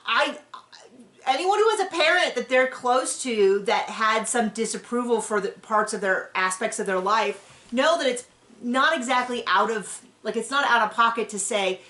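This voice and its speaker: A woman's voice: a little high, moderate pace, fairly bright tone. A woman hosting a podcast, recapping a reality show in casual, opinionated chat with frequent restarts. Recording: roomy echo.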